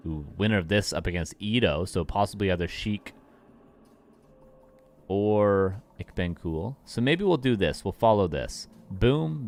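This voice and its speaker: Deep-voiced, playful male game caster. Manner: joking, playful, chats with viewers. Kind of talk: live replay commentary.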